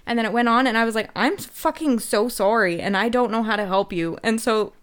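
A woman's voice: on the high side, fairly quick, clear, resonant tone. A woman co-hosting a podcast in casual chat, swearing freely and laughing often. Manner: laughs often, profane storytelling. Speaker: podcast co-host.

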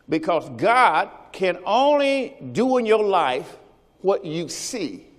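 Man preaching a sermon, call-and-response, high animated voice, long hall reverb. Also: slow. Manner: call-and-response preaching, has the congregation repeat phrases. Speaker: pastor. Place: church service.

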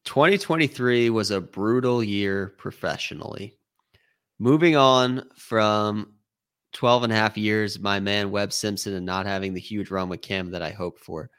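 A fairly low male voice on a casual golf-betting podcast. He muses in a wry, easygoing manner. His thoughts unspool unhurriedly. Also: a little slow, a bit bright, clear, resonant tone. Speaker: podcast co-host. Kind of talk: casual sports-betting chat.

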